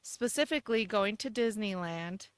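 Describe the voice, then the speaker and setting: A woman's voice: medium pitch, expressive, moderate pace. A woman in her thirties, a guest on a comedy podcast, talking about motherhood in an earnest, laughing way. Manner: earnest, laughing, emotional at times. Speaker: guest, host's wife. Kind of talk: casual podcast chat.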